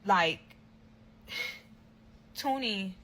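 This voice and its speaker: A woman's voice: mid-range voice, animated, drawn-out words, fairly bright tone, a little hiss or hum, rough recording. A woman telling a story straight to her viewers in a casual vlog, blunt and heavy on profanity. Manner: acts out quotes in other voices. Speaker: storyteller recounting a breakup.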